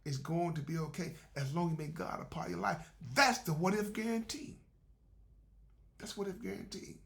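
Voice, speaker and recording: A man's voice: high-pitched, lively intonation, normal speed, gravelly, fairly bright tone. A man giving a faith-based motivational talk in a conversational, repetitive, preacherly way. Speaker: motivational speaker.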